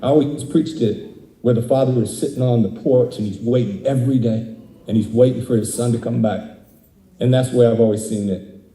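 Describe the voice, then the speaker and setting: A man's voice: medium pitch, steady tone, a little fast, mellow, echoey room, poor audio. A man giving a candid, conversational sermon as a guest speaker, laughing often as he talks. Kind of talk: interactive sermon. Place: church hall.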